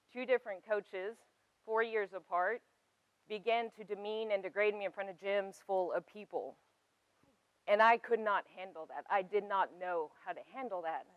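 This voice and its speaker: A woman's voice: medium pitch, a bit bright, clean tone, no room sound, low-quality recording. A woman in her thirties giving a personal testimony talk, earnest and emphatic, building to passionate peaks. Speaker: speaker.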